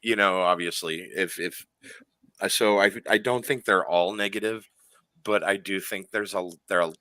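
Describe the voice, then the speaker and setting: Animated man telling a story, bright dry voice. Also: sits low, moderate pace, no echo. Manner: animated, lots of fillers and restarts. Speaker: guest. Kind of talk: casual storytelling on a radio show.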